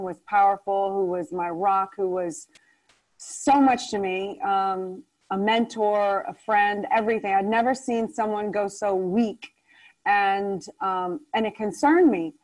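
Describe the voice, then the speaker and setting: A woman speaking as an interview guest, with a voice at an ordinary middle pitch. She tells a personal story with energy, acting out the quoted dialogue as she goes. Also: low-quality recording.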